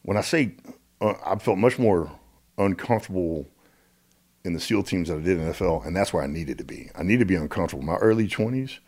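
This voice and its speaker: A middle-aged American man telling stories as a guest in a casual interview, animated and repeating words when he gets going. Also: low voice, quick pace.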